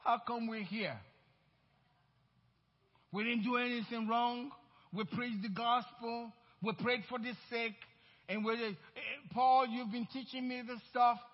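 A weary, complaining man in chains pleads that he does not feel like singing, as a high-voiced pastor puts him on. The voice stays low-key and grumbling, and the dull recording carries a long church-hall echo. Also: steady tone, unhurried. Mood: reluctant. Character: weary reluctant male prisoner, complaining.

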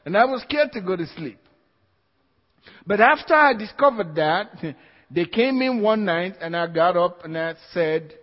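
A man's voice: sits high, normal speed. A man preaching a sermon to a congregation, emphatic and repeating his key phrases, with little laughs between points. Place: church hall. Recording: dull lo-fi, long hall reverb.

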